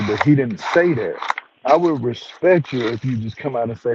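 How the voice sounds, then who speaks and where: A man hosting a relaxed review chat, slangy and easygoing, with a mid-range voice. He chuckles often as he talks. The recording sounds a little dull, with faint noise behind. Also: medium pitch, normal speed. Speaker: show review host. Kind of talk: casual chat.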